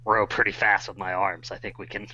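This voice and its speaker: A man plays in a tabletop game, cracking jokes with the table. His low voice has a bright, tense edge to it. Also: level tone, a little fast, muffled recording, slight background noise. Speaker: player.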